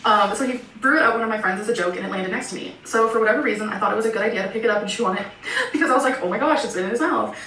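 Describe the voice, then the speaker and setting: Fast-talking woman reading confessions. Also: mid-range voice, sharp tone. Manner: chatty, giggly asides. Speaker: YouTuber reading viewer confessions. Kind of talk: reading messages aloud, casual chat. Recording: echoey room, far from mic, faint hiss.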